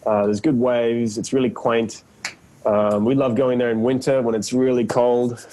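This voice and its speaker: A man's voice: medium pitch, flat delivery, unhurried, warm tone, a little hiss or hum, poor audio. An Australian man in his thirties, a guest in a casual interview on a video call, laid-back and self-deprecating, laughing often. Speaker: actor guest.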